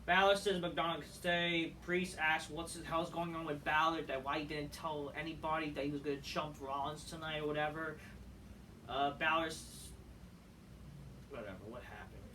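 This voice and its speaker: A crude, scornful voice rants through a wrestling recap, swearing almost every line. The tone is bright and edgy. It sits back from the mic with a faint hiss of noise underneath. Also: mid-range voice, fairly even intonation, normal speed, far from the mic. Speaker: wrestling show reviewer. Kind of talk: profane ranting recap.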